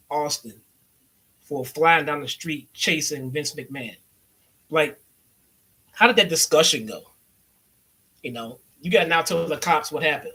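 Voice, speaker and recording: A man's voice: a little high, sharp tone, husky. A young adult man from the Chicago area giving a loose, sarcastic and profane wrestling review. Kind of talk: casual profane recap.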